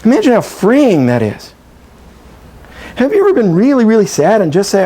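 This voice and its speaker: A middle-aged man lectures a workshop group in a lively, joking way, slipping into the quoted voices of frightened children and upset spouses. His voice sits a little high for a man. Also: moderate pace, long pauses. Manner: animated, acts out quoted voices, jokey asides. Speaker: breathwork workshop presenter.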